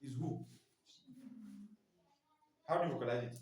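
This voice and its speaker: A man's voice: mid-range voice, unhurried, a little mellow, slight background noise. Quizzing male trainer, echoey room. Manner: quizzing listeners with fill-in questions. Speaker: staff trainer. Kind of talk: classroom teaching.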